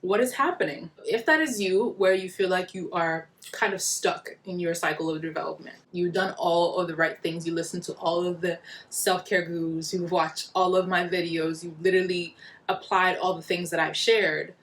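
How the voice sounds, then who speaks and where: A woman's voice: on the low side, steady tone, normal speed, fairly bright tone. A woman hosting her own wellness channel, chatting to camera at home in a friendly, explaining way while eating. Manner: friendly, explanatory, addresses viewers directly. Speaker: wellness vlogger and channel host. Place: small home indoors.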